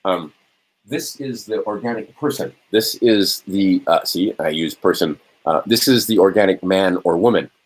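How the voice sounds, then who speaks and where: A man lectures to a small group in a husky, lowish voice. He poses questions and answers them himself, breaking in often with "right?" and filler sounds. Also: low-quality recording. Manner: rhetorical, keeps checking in with "right?"; answers his own questions, halting with fillers. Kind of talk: informal lecture to a small audience.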